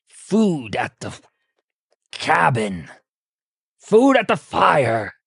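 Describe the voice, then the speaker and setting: A man voicing a big, simple-minded, cheerful male super mutant who talks in short broken shouts. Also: on the high side, wildly swooping pitch, extremely slow, gravelly, slightly rough, no room sound, exaggerated voice. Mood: eager.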